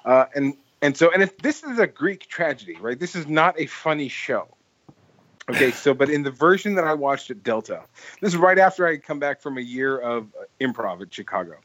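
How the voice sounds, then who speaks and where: A man's voice: a little high, expressive, a little fast, a bit bright, poor audio. A man hosting a casual podcast chat, telling long stories with lots of fillers and restarts. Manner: rambling, full of "like" and restarts, laughs while telling stories. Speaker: podcast host.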